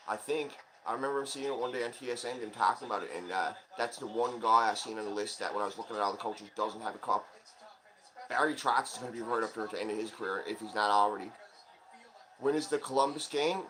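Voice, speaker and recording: A man of ordinary pitch runs a relaxed live commentary over a hockey game, speaking like a fan who is pulling hard for his team. He bursts into quick, excited play-by-play when the action heats up, then drifts back into chatty asides and small self-corrections. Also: low-quality recording. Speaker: channel host, fan commentator. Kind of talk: casual live game watch-along commentary.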